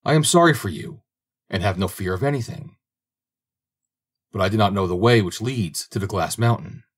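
A man's voice: lowish voice, lively intonation, moderate pace. A man voicing a brave young drummer who speaks with confident, boastful assurance in a fairy-tale audiobook. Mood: kindly. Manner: confident, boastful, slightly raised voice. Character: brave young male drummer, bold and fearless. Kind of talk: audiobook character reading.

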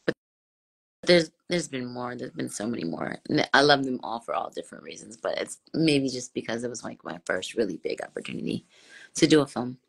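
A woman chatting casually on a live stream, answering viewers and mixing in halting French and Spanish. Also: rumbling low, big pitch swings, vocal fry, slightly rough. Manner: chatty, switches between English, French and Spanish.

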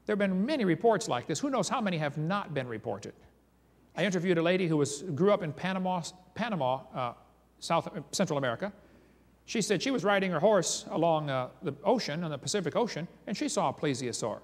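Man lecturing in a booming hall. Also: a little fast. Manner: animated, reads eyewitness quotes aloud with emphasis. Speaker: creation seminar speaker. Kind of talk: lecture with dramatic storytelling. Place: large hall or church. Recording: long reverb from a hall.

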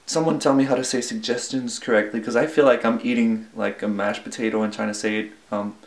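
A man's voice: fairly low pitch, fairly even intonation, fairly quick. Rambling young man in an echoey room. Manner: rambling, self-deprecating, trails off with fillers. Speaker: vlogger. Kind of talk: casual rambling vlog. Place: alone in his room at home.

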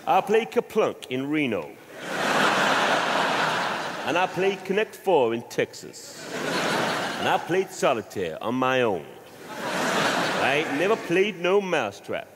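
A slow, menacing cowboy gunslinger, put on by a male comedian drawls low, his pitch swinging widely. It is caught in a reverberant live hall with a steady wash of noise. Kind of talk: live stand-up acting.

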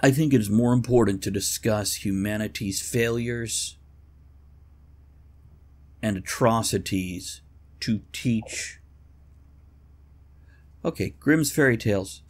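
A man's voice: on the low side, slow, pauses often. A man co-hosting a casual podcast chat, opinionated and joking, swearing freely. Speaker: podcast co-host.

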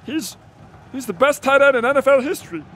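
A man doing a goofy, squeaky cartoon puppet voice as a comedic impression on a stream. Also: animated, fairly quick, a bit bright.

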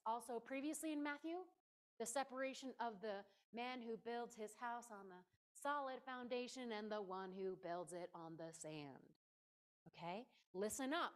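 A woman preaching a conversational sermon in a church, playful and emphatic, often stopping to speak directly to her listeners. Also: a little high.

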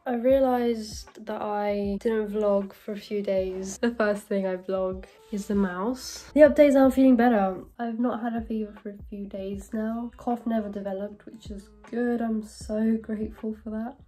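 A woman's voice: mid-range voice, fairly even intonation, unhurried, hardly any pauses, mellow. A young woman in her early twenties with a blocked nose, chatting casually in a vlog diary from home and laughing often. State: blocked nose, recovering from illness. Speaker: vlogger. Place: at home in a student house.

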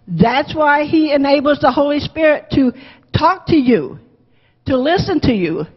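A woman teaching a Bible lesson to a Sunday school class, lively, acting out the quotes and asking the class questions. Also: high-pitched. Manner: animated, acts out quotes, asks class questions. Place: church classroom. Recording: dull lo-fi with long church reverb.

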